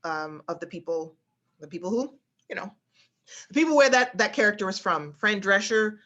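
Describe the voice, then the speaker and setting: A woman speech instructor teaching voice exercises in an online class, often demonstrating bright high exclamations. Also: lively intonation, moderate pace, muffled recording. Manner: demonstrates pitches with exaggerated exclamations, frequent fillers.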